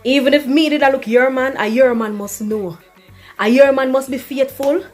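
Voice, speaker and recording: A woman's voice: high voice, steady tone, moderate pace, darkish tone, soft background music. A woman voicing a blunt, unbothered young Jamaican woman in a comedy skit, lecturing in a patois-laced, dismissive way.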